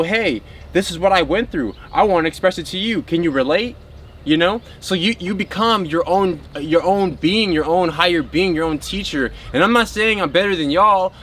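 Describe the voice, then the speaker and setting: A slightly high, fairly bright man's voice belongs to a spiritual vlogger. He rambles casually about spiritual matters to his viewers as a whole, with many filler words.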